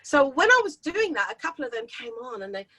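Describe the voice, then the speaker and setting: A middle-aged woman with a London accent, talking as a guest in a relaxed interview. Her voice sits high and sounds bright and forceful. She tells her stories with lots of life and slips into other people's voices as she goes. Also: fast talker, breathy edge, rough recording. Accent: London English. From London, England. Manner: animated storyteller who acts out quoted voices. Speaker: singer and guest. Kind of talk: casual interview chat.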